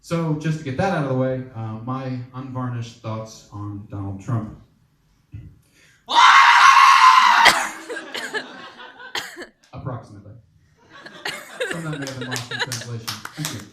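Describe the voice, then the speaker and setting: A man's voice: medium pitch, brisk, background noise. A man in his thirties doing a stand-up set, wry, profane and conversational. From United States. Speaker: stand-up comedian. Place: comedy club stage. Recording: echoey club recorded from a distance.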